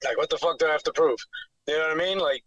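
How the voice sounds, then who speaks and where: A brash, profane man with a thick New York accent, speaking as a fighter on a podcast. His voice sits high and bright, with a forceful edge. The sound is close and dry, with no room in it. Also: very fast, no echo, dull audio. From New York City. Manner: brash, profane trash talk. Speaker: bare knuckle fighter, guest. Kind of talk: casual podcast interview.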